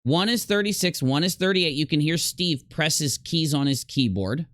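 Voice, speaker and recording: A man's voice: a little high, animated, fairly bright tone, no room sound, clean studio sound. Emphatic man commenting over clips. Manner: emphatic, rambling, drawn-out stresses. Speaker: YouTube commentator.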